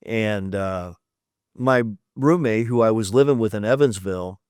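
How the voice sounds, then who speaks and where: A man in his fifties, appearing as a podcast guest in a conversational interview, tells his story candidly and matter-of-factly, acting out quoted dialogue as he goes. His voice is fairly low, darkish and clean, a little slow, captured as clean studio sound without echo.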